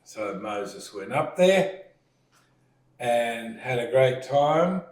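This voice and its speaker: A man leading a relaxed dining-table discussion, slowly retelling a story and acting out what people said. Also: mid-range voice, recorded from a distance. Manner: slow storytelling, retells scenes with acted lines. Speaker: discussion leader. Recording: echoey room, voice set back from the mic.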